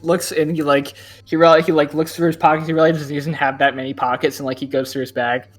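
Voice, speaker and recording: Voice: mid-range voice, little pitch movement, fast talker. A player doing a rambling, self-deprecating male werewolf adventurer. The delivery stays close to an everyday voice, loose and chatty at the game table.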